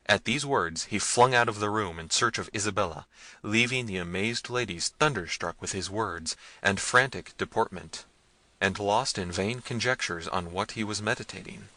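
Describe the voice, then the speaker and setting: A man reading a gothic novel aloud in measured, scripted narration. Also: on the low side, sharp tone, no echo. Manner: measured storytelling. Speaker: audiobook narrator.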